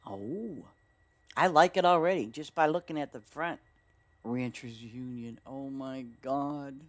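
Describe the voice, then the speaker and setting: Slow-talking excitable woman streamer. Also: extremely low pitch, dry recording, soft background music. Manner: excitable, chatty, exclaims often and talks to viewers. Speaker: gaming streamer. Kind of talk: casual gameplay commentary.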